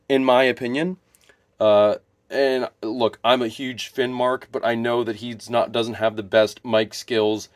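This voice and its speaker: A wrestling video creator with a medium-pitched voice chats casually to his viewers, rambling enthusiastically and often restarting or correcting himself. There's no echo on the recording.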